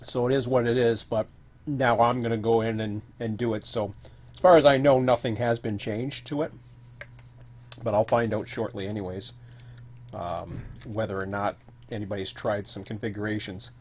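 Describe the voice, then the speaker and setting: A man's voice: on the low side, fairly even intonation, moderate pace, darkish tone, slight background noise. Man rambling through a solo live stream. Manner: thinking aloud, rambling with fillers and self-corrections; eating while talking. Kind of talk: casual live-stream commentary.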